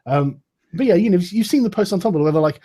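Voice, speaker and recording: Husky high-voiced man, sarcastic chat. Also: expressive, fast talker, mellow. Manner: laughing, sarcastic, mocking quotes. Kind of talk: casual profane chat.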